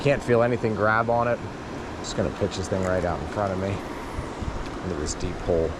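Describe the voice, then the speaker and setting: A man fishing on a river, giving excited commentary to the camera and exclaiming over and over. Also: low-pitched, brisk, heavy background noise. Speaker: fishing vlogger. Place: outdoors by a river.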